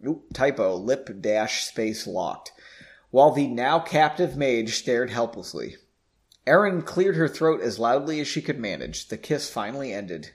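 A man's voice: mid-range voice, expressive, measured pace. A young man reading his own story aloud, breaking off for joking, self-mocking asides. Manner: self-mocking, chatty, laughs at himself.

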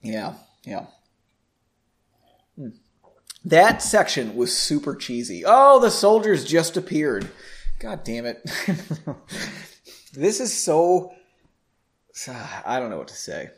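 A man's voice: mid-range voice, big pitch swings, slow pace, pauses often. A man reading a fantasy story aloud, breaking in with sarcastic, amused asides. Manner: sarcastic, amused, self-mocking. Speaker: reader of a story.

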